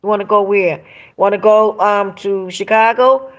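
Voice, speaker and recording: A woman's voice: mid-range voice, fairly even intonation, normal speed, highs cut off. Emphatic woman hosting a casual livestream. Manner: emphatic, retelling stories with quoted dialogue; reads and answers viewer comments aloud. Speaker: livestream host reading viewer comments.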